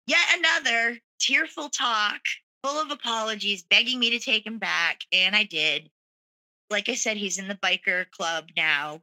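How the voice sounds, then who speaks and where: A woman's voice: medium pitch, pushed and bright, rough recording. A woman frankly telling her own story as an interview guest, conversational and loose, with nervous laughs. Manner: casual fillers like "like" and "you know". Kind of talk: candid personal storytelling.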